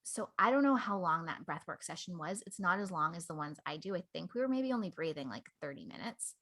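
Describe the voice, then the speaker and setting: A woman with a bright, forceful voice, sitting slightly low in pitch. She talks through a personal story in a relaxed, candid way, scattering "like" through her sentences. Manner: candid, reflective storytelling with many "like" fillers. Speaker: podcast guest. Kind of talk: casual conversation.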